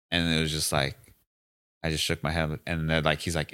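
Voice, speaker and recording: A man's voice: sits low, moderate pace, sharp tone. A young adult man, a podcast guest, telling a story in a loose, profane, casual way and acting out the voices of the people in it. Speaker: podcast guest, gym owner.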